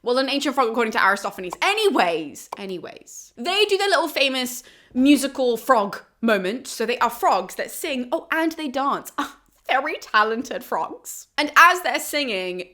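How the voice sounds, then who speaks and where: A woman hosting a casual summary of an ancient play, chatty and animated and laughing often. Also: high voice, normal speed. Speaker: host of a classics explainer channel.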